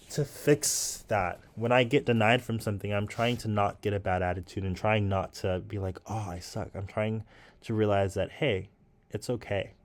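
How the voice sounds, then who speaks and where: A man talking casually and thoughtfully to his viewers while he paints, musing and encouraging himself. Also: on the low side. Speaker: artist and vlogger.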